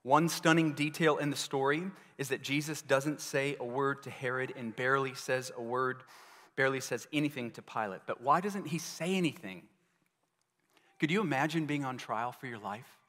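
A man's voice: medium pitch, a bit bright. A male pastor delivering a sermon in an earnest manner, asking his listeners many rhetorical questions. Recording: long reverb of a large hall.

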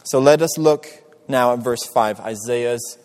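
A man preaching a sermon, slow and emphatic, repeating his key words for stress. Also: medium pitch, a little mellow, long reverb tail.

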